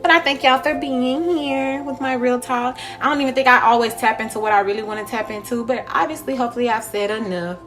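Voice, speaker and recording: A woman's voice: fairly high pitch, steady tone, fast talker, few pauses, a bit bright, soft background music. A young woman, talking bluntly and profanely in a candid vlog monologue, laughing often. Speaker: spiritual vlogger.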